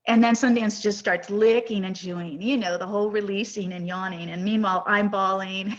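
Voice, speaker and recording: A woman's voice: medium pitch, moderate pace, muffled recording. A woman hosting a live podcast, telling an emotional story in an earnest, rambling way. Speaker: podcast host.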